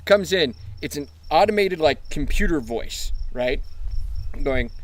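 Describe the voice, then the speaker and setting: A man's voice: fairly high pitch, lively intonation, unhurried, a little hiss or hum, low-quality recording. A man in his thirties ranting in casual podcast chat, swearing freely. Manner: ranting, profane. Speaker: podcast guest.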